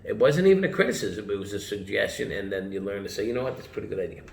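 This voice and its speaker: Deep-voiced chef telling rambling stories. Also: male voice, lively intonation, rapid-fire, gravelly. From United States. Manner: rambling anecdotes, swears, acts out quotes. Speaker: chef, interview guest. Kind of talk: casual storytelling interview. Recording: roomy with faint background noise.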